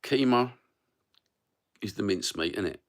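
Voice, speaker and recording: A middle-aged man from London with a broad East London accent and a very deep, low voice. He rambles through a livestream chat in a sweary, matey way, peppering his talk with slang. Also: expressive, moderate pace. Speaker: livestream host.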